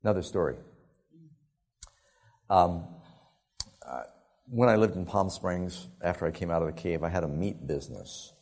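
A male preacher telling a story in a sermon, animated and often laughing as he talks. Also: sits low, moderate pace, long pauses.

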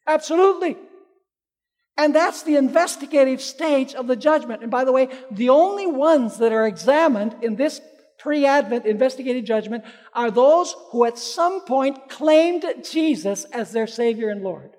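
High-voiced preacher in a reverberant hall. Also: male voice, lively intonation, normal speed, a little mellow. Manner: asks the congregation questions and answers them himself; acts out the people in the parable with changing voices. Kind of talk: sermon. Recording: long reverb of a large hall.

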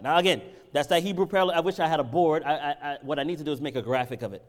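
Impassioned high-voiced preacher in a reverberant hall. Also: male voice, fast. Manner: swings from loud impassioned peaks to low conversational teaching. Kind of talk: sermon.

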